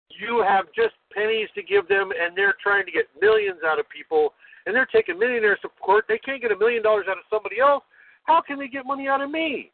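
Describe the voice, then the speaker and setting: A man's voice: sits high, no echo. Ranting older man on a tinny line. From United States. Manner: forceful, preachy, keeps adding "okay?". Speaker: guest. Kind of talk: call-in talk show, ranting.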